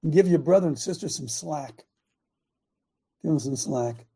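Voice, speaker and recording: A man's voice: a little high, normal speed, mellow, slightly rough. A middle-aged man hosting a show and preaching a conversational sermon, fervent and often checking that listeners follow him.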